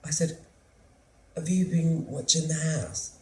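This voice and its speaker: An actor playing a lonely, anxious middle-aged son who lives with his mother, telling his story slowly and drily in a theatre monologue. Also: on the high side, warm tone. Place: theatre stage. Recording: roomy theatre sound, faint hum.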